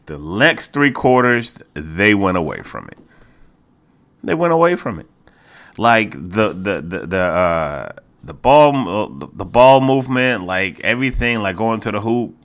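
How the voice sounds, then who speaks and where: A man hosts a sports podcast alone, talking casually and repeating himself. His low voice is bright and very lively. When he gets worked up, it jumps high and he stumbles through restarts. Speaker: podcast host. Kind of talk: solo sports podcast commentary.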